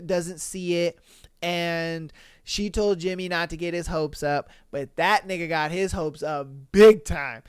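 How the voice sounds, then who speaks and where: Animated slangy male podcast host. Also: high-pitched, smooth, no room sound, studio quality. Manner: animated, slangy, laughs often. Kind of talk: casual reality-show commentary.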